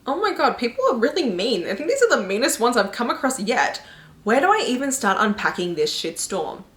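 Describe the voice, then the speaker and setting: A young woman reacting to book reviews in a casual, animated, exclamatory way, laughing often and swearing casually. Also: on the high side, fairly quick. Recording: echoey room.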